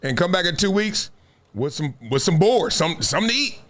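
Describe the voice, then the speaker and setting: A gruff caveman husband giving slow, matter-of-fact orders before leaving to hunt, as a man puts him on. His voice drops low and drags. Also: expressive, fairly bright tone. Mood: instructing.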